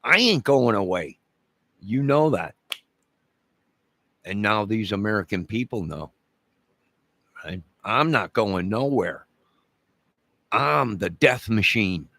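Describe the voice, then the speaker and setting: A man's voice: fairly low pitch, animated, slow, gravelly, long pauses, bright, forceful tone, no echo. A man from Chicago in a rambling direct-to-camera rant, menacing and repetitive, leaning hard on his words for emphasis.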